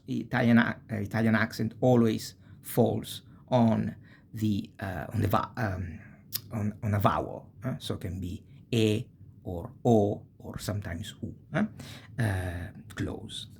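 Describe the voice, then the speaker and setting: A man teaching a video language lesson. He pronounces example words slowly and often checks in with the listener with short "eh?" or "okay?" tags. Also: fairly low pitch, gravelly, a little mellow, slight background noise. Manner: says Italian example words slowly and deliberately.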